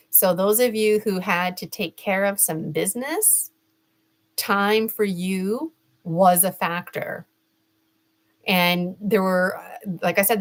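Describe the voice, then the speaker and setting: A middle-aged woman giving a casual gemstone reading, chatty and rambling, with many fillers and restarts. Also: mid-range voice. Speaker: spiritual reader.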